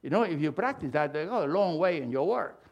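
A man preaching a sermon, emphatic and animated, swinging between loud and hushed delivery with halting restarts. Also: on the high side, dull audio. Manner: halting restarts and repeated words.

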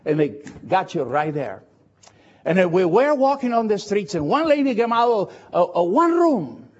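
A man preaching a sermon in English, slow and emphatic, repeating phrases for effect. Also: sits high, sing-song, lo-fi sound. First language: Spanish.

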